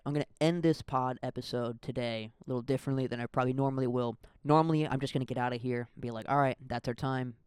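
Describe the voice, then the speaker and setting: A man's voice: medium pitch, a little mellow, clear, resonant tone, dry recording, clean studio sound. A young man from the American Midwest hosting a casual solo podcast, rambling and self-deprecating with lots of fillers. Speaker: podcast host.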